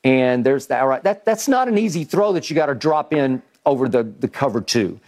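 A man's voice: mid-range voice, a little fast. A man hosting a sports debate show, recounting plays emphatically with frequent restarts. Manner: animated, restarts often, emphatic play-by-play recounting.

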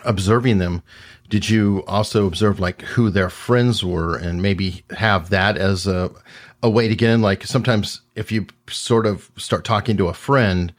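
A man's voice: fairly low pitch, measured pace. A man interviewing a guest, asking curious follow-up questions with playful asides. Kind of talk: conversational interview.

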